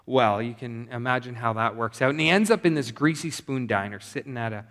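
A male pastor preaching a sermon in a conversational, animated way, repeating his phrases. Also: medium pitch, a little fast. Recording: long hall reverb.

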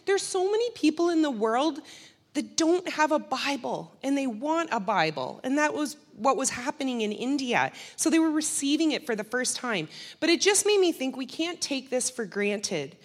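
A woman with a high, sing-song voice talks at a moderate pace, giving her church group a casual testimony about a mission trip. She is chatty, laughing and using fillers frequently, and the audio has a long hall reverb.

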